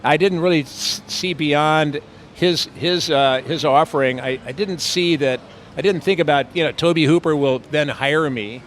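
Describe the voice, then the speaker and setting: A man's voice: fairly high pitch, a little slow, a little hiss or hum. An older man, an actor being interviewed, telling stories in a rambling way with many fillers, outdoors on a city street. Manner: rambling, with frequent fillers and playful impressions. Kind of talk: anecdotal storytelling.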